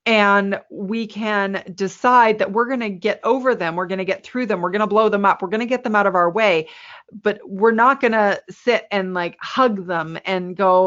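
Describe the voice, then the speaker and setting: A woman presenting a workplace resilience webinar to a camera, lively and quick to laugh at herself. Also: medium pitch. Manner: lively, laughs at herself, acts out quoted people. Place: indoor room with a window. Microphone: camera mic. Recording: slightly muffled webinar audio.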